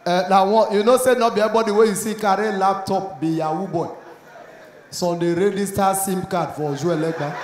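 A man with a Nigerian accent performing stand-up, acting out both sides of a story in Pidgin and rising to shouts at the punchlines. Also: sits high, steady tone, a little fast. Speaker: stand-up comedian. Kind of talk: stand-up comedy routine. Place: comedy club stage with a live audience. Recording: echoey live venue, faint crowd noise.

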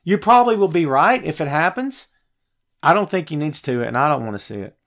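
A man's voice: a little high, fairly quick. Fired-up man ranting about wrestling. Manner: animated, fired-up ranting, swings loud and soft. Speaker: podcast host reading live chat. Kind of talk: heated wrestling rant.

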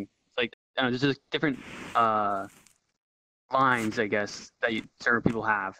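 A man's voice: medium pitch, steady tone, a little fast, pushed and bright, dry recording. A man in a casual panel discussion, hesitant and full of fillers, recorded on a dull lo-fi mic.

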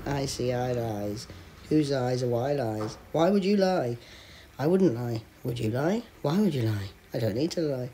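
A woman's voice: extremely low pitch, animated, a little slow, mellow, slight background noise. A woman improvising rambling spoken-word poetry, full of rhetorical questions and playful wordplay. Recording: music playing behind.

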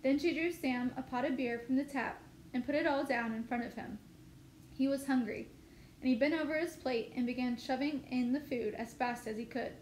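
A woman teacher reading a novel aloud with steady, expressive storytelling. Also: high voice, moderate pace. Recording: echoey room, faint noise.

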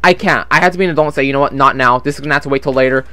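A man's voice: medium pitch, rapid-fire, bright, forceful tone, no room sound. A young man chatting casually while playing a game, rambling and swearing about money troubles, on a desktop microphone at home. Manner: rambling, frustrated, swears often. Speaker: gaming channel host. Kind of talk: casual gameplay commentary. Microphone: desktop USB microphone.

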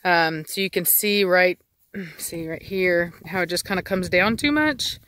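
Outdoors in a yard with dogs, a woman dog breeder chats casually for a vlog, rambling with lots of fillers and restarts. Her voice is lowish, a bit bright, and a little slow.

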